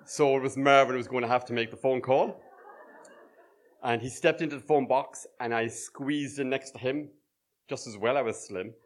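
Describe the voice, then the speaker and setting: A middle-aged man telling a true personal story live on stage to an audience, with dry, wry humour. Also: mid-range voice. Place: small live venue with audience.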